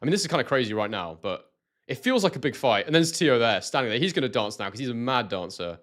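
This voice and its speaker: A young Scottish man with a southern English, London-like accent hosts a live boxing stream, commentating casually and excitedly reading out chat messages. His voice is mid-range and he talks fast.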